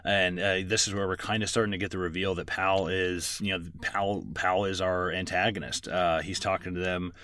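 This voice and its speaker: A man's voice: deep voice, level tone, a little fast, few pauses, sharp tone, dry recording. A man co-hosting a casual movie podcast, rambling through plot recaps with lots of fillers and swearing. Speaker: podcast co-host.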